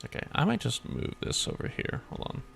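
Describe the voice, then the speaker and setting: Talking fairly quickly in a fairly bright voice, with a little hiss or hum in the recording, this young VTuber rambles through a casual livestream while reading a game story. He keeps cutting himself off and drifting off topic.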